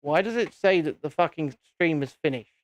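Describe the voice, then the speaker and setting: A man's voice: fairly high pitch, expressive, normal speed, no room sound. Chatty British man hosting a live stream. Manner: chatty, self-deprecating, talks to viewers. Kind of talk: casual live-stream chat.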